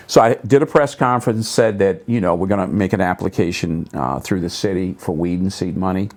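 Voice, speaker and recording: Middle-aged pastor telling a story, lowish voice. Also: male voice, a little fast. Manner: animated storyteller, voices other people's remarks with sharp jumps up in pitch. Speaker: pastor, talk show guest. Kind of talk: storytelling in a talk show conversation. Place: local public access TV studio.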